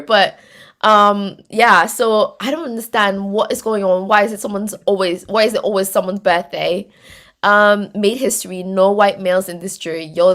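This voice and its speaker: A North American woman chats casually as she hosts a livestream and answers viewer comments. Her voice sits at a middle pitch, and her talk is loose and slangy, with plenty of fillers and false starts. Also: fairly bright tone. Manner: chatty and slangy, many fillers and restarts. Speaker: host of a reality show recap stream.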